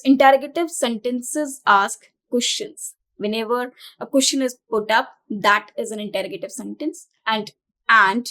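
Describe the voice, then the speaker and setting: Woman teacher with a slightly high voice, walking students through grammar and restating each idea. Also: a bit bright. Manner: explanatory, repeats and rephrases points. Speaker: English teacher. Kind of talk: exam-prep lesson.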